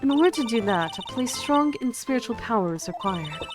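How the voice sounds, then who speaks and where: A woman voicing a boastful, bubbly elderly head nun, reading her lines loudly over game music. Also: on the high side, animated, fairly quick, natural voice. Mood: explaining.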